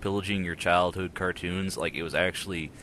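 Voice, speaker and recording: A man's voice: low voice, fairly quick, a little hiss or hum. A man co-hosting a podcast, chatting casually about old shows and cartoon films in a jokey, rambling way. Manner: animated, jokey, rambling with restarts. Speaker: podcast co-host. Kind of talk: casual chat.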